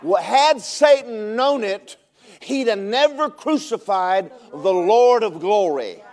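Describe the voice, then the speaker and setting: A man preaching a sermon as pastor, telling stories with animated delivery that rises to shouting at its peaks. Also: high voice, takes it slowly.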